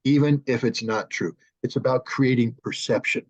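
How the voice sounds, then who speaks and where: A man's voice: mid-range voice, moderate pace. Blunt man on a muffled video call. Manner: blunt and emphatic, mimics politicians in raised voices. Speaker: guest analyst. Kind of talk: conversational political commentary.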